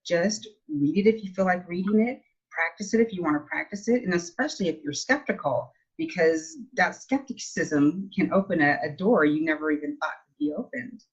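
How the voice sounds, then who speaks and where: A woman hosts a casual interview in a low, husky voice. She sounds enthusiastic and reflective. The recording is dull and lo-fi. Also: lively intonation, normal speed. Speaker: interview host.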